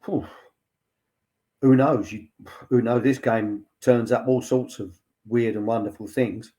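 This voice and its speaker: An older man talks in a relaxed, anecdotal way. He rambles through stories full of "um" and "he said," with an even, mid-pitched voice. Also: a little slow. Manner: chatty storyteller, lots of "he said" and fillers. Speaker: former football academy director, guest. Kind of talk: anecdotal casual chat.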